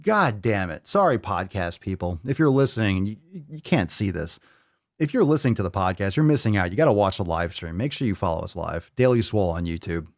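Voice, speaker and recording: A man's voice: deep voice, lively intonation, fairly quick, no echo, clean studio sound. Sarcastic, swearing male podcast host. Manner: sarcastic, profane, mocking. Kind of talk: live-streamed podcast rant.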